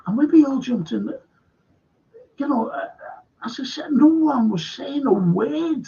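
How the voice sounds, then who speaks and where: A man hosting a live-streamed show, telling a rambling story in a halting way and repeating words for emphasis. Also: very high-pitched, lively intonation, gravelly, warm tone, breathy edge, highs cut off. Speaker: host of a live-streamed current affairs show. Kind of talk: casual rambling storytelling to viewers.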